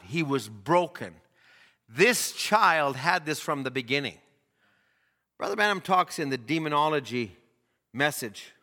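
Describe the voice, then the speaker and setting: A man preaching a sermon, impassioned and building to shouts at the climaxes. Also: a little high, in a large hall.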